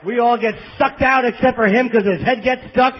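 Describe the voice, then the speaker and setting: A man with a New York accent delivers a crude, self-mocking stand-up set in a very high voice. He sounds brash and blunt with a live crowd. The sound is a dull, muffled bootleg tape with a faint hiss underneath. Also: steady tone, normal speed. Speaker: stand-up comedian. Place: live club theater.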